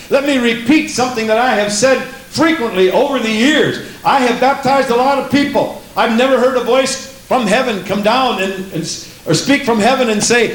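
High-voiced preacher man, echoey church. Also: normal speed. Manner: emphatic, repeats lines, asks the congregation questions. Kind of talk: sermon.

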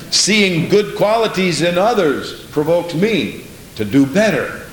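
A man's voice: high voice, animated, slow pace, echoey room, slight background noise, poor audio. A man teaching a Sunday school lesson in church, exhorting and repeating his phrases in a sermon style. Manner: exhorting, repeats phrases, says "Praise the Lord".

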